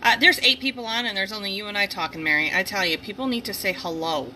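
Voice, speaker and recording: A woman's voice: mid-range voice, a little fast, background noise. A middle-aged woman from the Northeast US hosting a casual livestream, rambling and greeting viewers by name. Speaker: livestream host. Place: home, near a heater and dogs.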